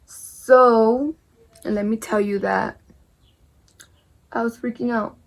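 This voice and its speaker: A young woman's vocal fry runs through a casual, rambling vlog story that she tells while doing her makeup. Her pitch stays flat and even, and she leans on "like" and the occasional curse word. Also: takes it slowly. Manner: rambling, repetitive, peppered with "like" and mild swearing. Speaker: vlogger.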